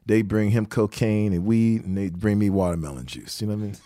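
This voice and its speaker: An older man, a guest musician, telling anecdotes from his career in an animated way, often laughing and acting out other people's words. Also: fairly low pitch, a little fast, no echo. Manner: animated storyteller who acts out quotes and laughs often. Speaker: guest musician, guitarist and songwriter. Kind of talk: storytelling interview anecdotes.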